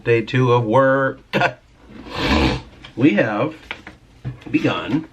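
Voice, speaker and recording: A man of average pitch rants casually to his camera, rambling through his thoughts and swearing freely. He sounds frustrated but keeps talking in a loose, conversational flow. A faint ambient hum sits behind his voice. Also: very slow, highs cut off. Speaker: vlogger and writer. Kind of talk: casual ranting vlog.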